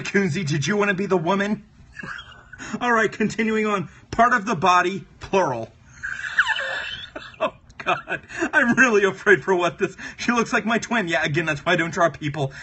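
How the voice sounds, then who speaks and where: A man's voice: on the high side, bright, forceful tone, slightly rough. A man hosting a casual drawing livestream, joking and laughing often as he chats with viewers. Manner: giggly, playful, laughs often. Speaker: livestream host.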